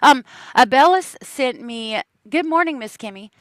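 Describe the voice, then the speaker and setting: A woman's voice: high-pitched, expressive, measured pace, dry recording. A woman hosting a casual true crime livestream, chatting with viewers and laughing often.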